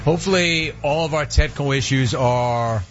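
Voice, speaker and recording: A man hosting a radio show, telling an exasperated story in a casual, animated way and acting out what people said. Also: fairly high pitch, moderate pace, highs cut off, faint music behind. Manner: animated, exasperated retelling with quoted voices.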